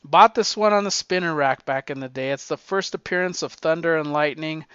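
A man's voice: fairly high pitch, fairly quick, fairly bright tone, clear, resonant tone, dry recording. Rambling man with a lo-fi sound. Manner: rambling, enthusiastic, with sound effects and restarts. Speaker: comic book collector reviewing his reads. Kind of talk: casual rambling review.

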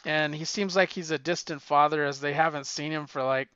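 A podcast co-host reviewing comics chats casually about his reading, rambling and halting with many restarts and fillers. His slightly high voice is bright and crisp with fairly even intonation. The recording is dry with no echo but slightly dull and lo-fi.

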